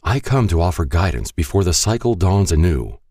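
A man as a smug sinister robed cultist, rhyming sing-song delivery, very deep voice, lively pitch. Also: a little fast, no room sound, studio quality, full character voice. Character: sinister robed male cult guide who speaks in rhymes.

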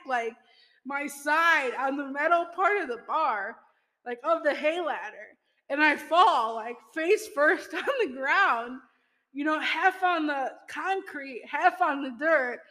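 This young adult woman, a podcast host, tells casual stories in a chatty monologue, laughing often and leaning on fillers. Her high-pitched voice moves a little slowly and sounds pushed and bright, with a big-room sound.

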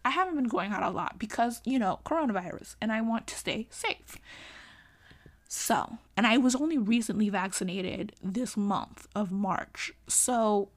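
A young woman talking casually to camera in a vlog, animated and exasperated, pleading with sudden high exclamations. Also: normal speed. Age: young adult. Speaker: vlogger.

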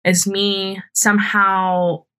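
A woman's voice: mid-range voice, flat delivery, slow pace, a bit bright. A young woman hosting a podcast, telling a personal story casually, full of fillers, frequent laughs and free swearing. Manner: chatty, filler-heavy, swears freely, laughs often. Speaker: podcast host.

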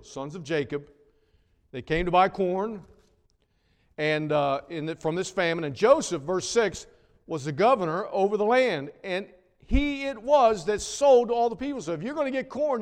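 A man preaching a sermon, swinging between loud emphatic lines and hushed, drawn-out words. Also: high voice, lively intonation. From North Carolina. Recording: long reverb of a large hall.

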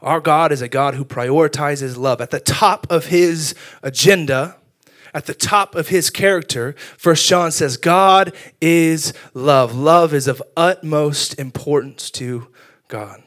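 A young man preaching a sermon, telling funny stories about himself with lively energy. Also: on the high side, takes it slowly. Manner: animated storytelling with self-deprecating humor. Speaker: youth pastor.

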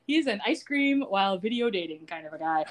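A woman hosting a podcast, recapping a TV episode in casual chat and acting out the characters' lines. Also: medium pitch. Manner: animated storytelling, acts out quoted lines.

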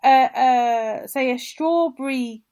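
A woman with a high voice chats on a gaming podcast. She tells her stories in a lively, animated way. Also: slow pace. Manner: chatty, animated storytelling. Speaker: podcast co-host. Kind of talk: casual chat.

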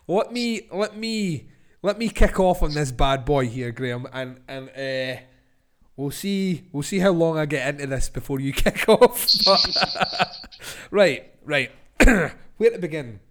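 A man hosting a podcast, cursing, laughing and building into loud film-review tirades. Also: on the high side, lively intonation, unhurried. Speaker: podcast host. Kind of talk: casual film-review rant.

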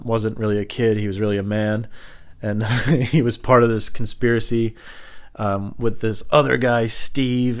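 Rambling man telling prank stories. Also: on the low side. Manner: rambling, self-mocking, laughs while telling. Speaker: storyteller. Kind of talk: casual anecdote monologue.

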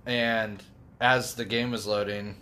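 A man co-hosting a casual podcast, laid-back and joking, often halting mid-sentence. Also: lowish voice, level tone, bright, forceful tone. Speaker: podcast co-host.

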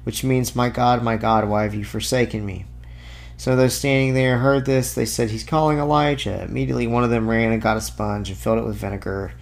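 A man's voice: medium pitch, fairly even intonation, brisk, vocal fry. A man giving an informal apologetics talk. He reads scripture passages aloud and breaks off with casual asides and fillers. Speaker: Christian apologist.

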